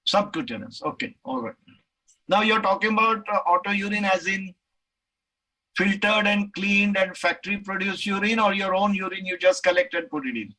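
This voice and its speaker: A middle-aged man from India with an Indian English accent, giving a lecture and answering questions, animated and acting out the voices he quotes. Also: high-pitched, normal speed, rough recording.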